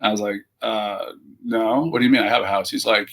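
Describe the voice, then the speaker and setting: A man's voice: on the low side, fairly even intonation, a little fast, vocal fry, fairly bright tone. A middle-aged man, a team founder and CEO, telling stories in a casual interview and acting out the quoted exchanges.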